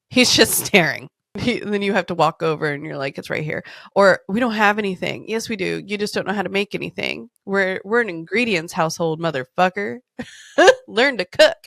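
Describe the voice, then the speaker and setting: A woman's voice: on the low side, fairly bright tone, no room sound, studio quality. A woman podcast host in her thirties, telling stories in a candid, casual way, swearing freely and laughing often. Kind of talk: casual storytelling chat.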